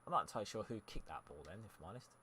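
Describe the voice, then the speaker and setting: A man's voice: lowish voice, animated, rapid-fire, pushed and bright, slight background noise. A young man streaming a football game, chatting casually with viewers and reacting to the match. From United Kingdom. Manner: chatty, answers chat messages while narrating gameplay. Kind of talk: casual live-stream commentary.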